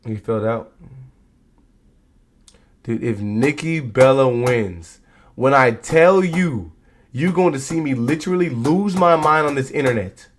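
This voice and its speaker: A young man talks straight to his chat in a relaxed, slangy way, riffing loosely like a streamer hanging out with viewers. His voice sits at an ordinary middle pitch for a man, and he keeps it casual and conversational. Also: a little slow, pauses often, a little hiss or hum. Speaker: streamer reacting to wrestling.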